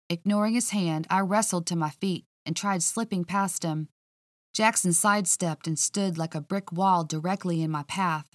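A woman's voice: lowish voice, unhurried, dry recording, clean studio sound. Folksy woman narrating a mystery podcast. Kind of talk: first-person mystery storytelling.

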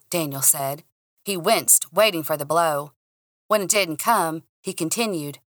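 A young adult woman narrating a mystery story podcast in the first person, expressive and lively. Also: deep voice, unhurried, no room sound, clean studio sound.

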